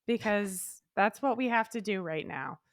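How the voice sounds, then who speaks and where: A woman's voice: medium pitch, measured pace, dry recording, studio quality. A woman co-hosting a podcast, talking frankly and animatedly in a candid chat, swearing freely. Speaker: podcast co-host. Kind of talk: candid casual conversation.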